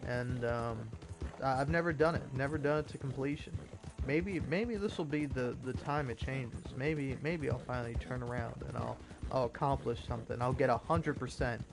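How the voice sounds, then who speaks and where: A man's voice: medium pitch, normal speed, creaky, over music. A man giving casual, profane gameplay commentary, ranting in exasperation and laughing at his own jokes. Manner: profane, exasperated rants with mock voices and laughter. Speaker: gaming commentator.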